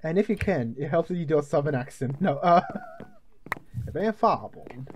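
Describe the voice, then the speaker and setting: Picture a man chatting over a team game, his voice sitting a little high. He jokes a lot and yelps when a plan falls apart. A faint hiss stays under his talk. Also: normal speed. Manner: excitable, jokey, yelps when plans go wrong. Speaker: gamer. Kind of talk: casual gaming chat.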